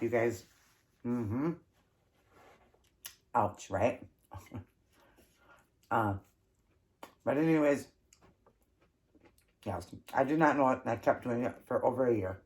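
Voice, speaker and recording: A woman's voice: very deep voice, darkish tone. A woman hosting an eating show, casually telling an embarrassing story and laughing often.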